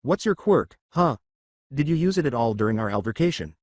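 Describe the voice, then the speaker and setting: A man reading the part of a hot-tempered teenage boy hero, demanding and furious. The pitch swings widely, and the sound is close and dry. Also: big pitch swings, brisk, dry recording. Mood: angry. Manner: yelling, demanding.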